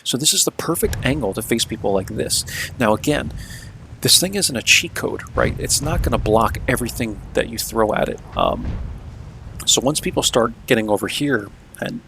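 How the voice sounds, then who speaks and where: A man's voice: mid-range voice, lively intonation, moderate pace, creaky, sharp tone, a little hiss or hum. A man casually talking through replays of his own games as the video's host, laid-back and chatty, often checking in with "right?".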